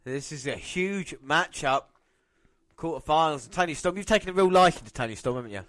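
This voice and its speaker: A man co-hosting a podcast, giving excitable, teasing play-by-play commentary on wrestling and laughing often. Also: fairly high pitch, a little fast, no echo. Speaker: podcast co-host. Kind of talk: casual wrestling watch-along commentary.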